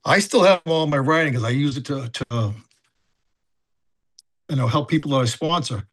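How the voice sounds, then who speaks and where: A man in his sixties, a sponsor and coach, telling his recovery story candidly, halting often with fillers and restarts. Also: a little high. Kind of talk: personal testimony, casual and confessional.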